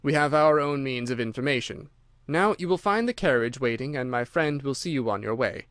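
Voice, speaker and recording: A man's voice: medium pitch, expressive, brisk, a bit bright, smooth, no echo, clean studio sound, close to an everyday voice. A man voicing a sinister, twitchy older man with a nervous giggle in an audiobook reading. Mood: menacing.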